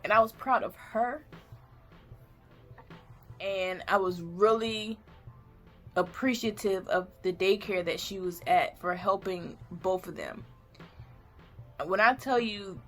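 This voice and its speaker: A woman's voice: mid-range voice, fairly even intonation, unhurried, fairly bright tone, faint music behind. A woman vlogger in her thirties telling a candid, heartfelt personal story, tearful at times. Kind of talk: emotional personal story time.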